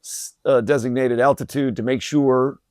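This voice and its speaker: A middle-aged man telling a personal story in an interview, relaxed and full of fillers and restarts. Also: medium pitch, moderate pace, clear, resonant tone, no echo, studio quality. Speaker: podcast guest, company president. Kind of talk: conversational storytelling.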